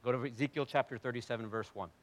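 A man preaching a sermon, animated and jokey, swinging between loud bursts and quiet asides. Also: mid-range voice, rapid-fire, slight background noise. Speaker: pastor.

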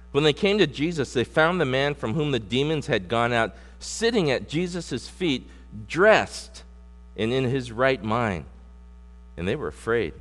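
A middle-aged man preaching a sermon as pastor. He moves from loud, punchy emphasis to slow, low scripture reading. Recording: long hall reverb with mains hum.

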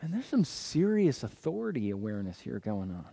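A man preaching a sermon as a guest pastor. He is animated, asks the audience questions and answers them himself, and jokes in passing. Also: mid-range voice, fairly quick, vocal fry, slightly rough.

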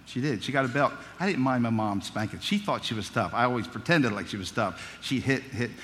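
A man's voice: medium pitch, expressive, brisk, a bit bright, long reverb tail, slight background noise. A man preaching a sermon, telling childhood stories in a folksy, humorous way. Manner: folksy storytelling, humorous asides.

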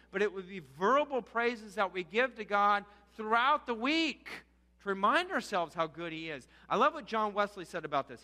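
A man's voice: high-pitched, sharp tone. A man preaching a sermon to his congregation in a conversational way, asking the listeners rhetorical questions. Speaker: pastor. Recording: long hall reverb.

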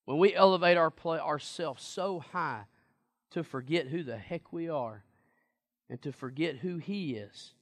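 A man's voice: a little high, a little slow. A man preaching a sermon in a conversational, emphatic way and asking the congregation questions.

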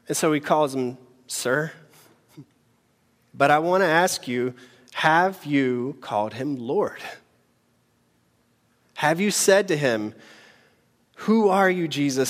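A man preaching a sermon in an earnest, measured way, pausing between phrases. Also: a little high. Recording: long hall reverb.

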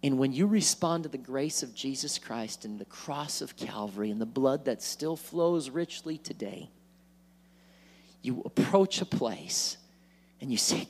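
A man preaching a sermon in church, animated, acting out worried voices and joking asides. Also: medium pitch, measured pace, husky. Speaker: pastor. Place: church sanctuary.

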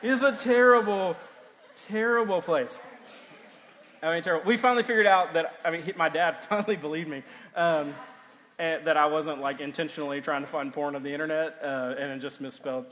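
Bright-voiced youth pastor in a reverberant hall. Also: male voice, on the high side, fast. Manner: animated, chatty, heavy use of "like". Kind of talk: casual storytelling sermon.

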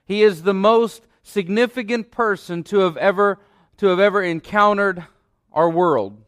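A man with a fairly high voice preaching a sermon. He stresses and repeats his key phrases with building emphasis. The sound is dry and close, with little room echo. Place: church stage.

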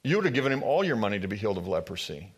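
A group of sensible traveling companions talking their leader round, easygoing and persuasive, voiced by a preacher. Casual, almost chummy. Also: male voice, fairly low pitch, sing-song, racing, breathy edge. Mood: coaxing. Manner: coaxing, casual slang. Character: level-headed male travel companions.

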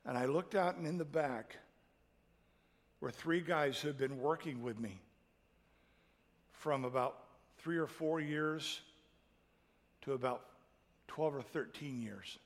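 A middle-aged man preaching a sermon, telling a personal story in an emotional way that builds to loud, impassioned peaks. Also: on the high side, takes it slowly, pauses often, big-room sound. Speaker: pastor.

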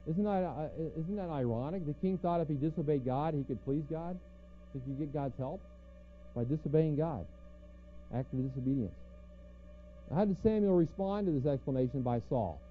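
A man's voice: a little high, animated, normal speed. A man preaching a conversational sermon, teaching verse by verse and asking rhetorical questions. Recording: tinny phone-like sound with faint music.

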